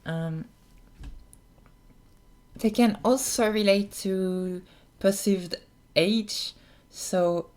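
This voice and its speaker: A female voice coach gives a casual spoken tutorial on voice technique, hesitant and peppered with ums and apologies, recorded on a camera mic she's close to. She speaks at medium pitch with a darkish tone, drawing out words and pausing often.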